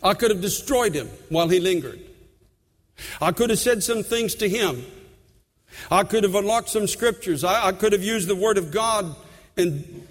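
A man preaches from the pulpit, his voice sitting high for a man. He builds from measured storytelling into fervent, rising appeals. The sanctuary around him carries a long, ringing reverb. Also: animated. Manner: impassioned preaching, rising in pitch and force. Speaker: pastor. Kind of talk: sermon. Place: large church sanctuary.

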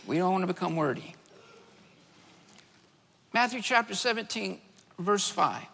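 High voiced preacher guy, kinda gravelly, punchy repeats, long echo from the hall. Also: lively intonation, measured pace, pushed and bright. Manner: emphatic, repeats key phrases for stress. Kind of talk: sermon.

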